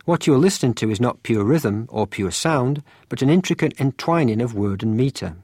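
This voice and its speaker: A man narrating a scripted lesson, explaining clearly and guiding the listener. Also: medium pitch, animated, brisk, a little mellow, dry recording, clean studio sound. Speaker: course lecturer.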